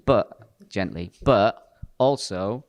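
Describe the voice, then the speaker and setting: A man's voice: fairly low pitch, extremely slow. A man hosting a podcast discussion, talking bluntly and directly with a joking edge. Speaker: podcast host and pastor. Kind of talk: casual discussion.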